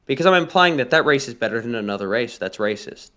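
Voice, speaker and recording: A man's voice: medium pitch, expressive, quick pace, sharp tone. A man co-hosting a livestream chat, lecturing bluntly on a topic and often checking in with "all right?". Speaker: livestream co-host. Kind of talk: casual political chat.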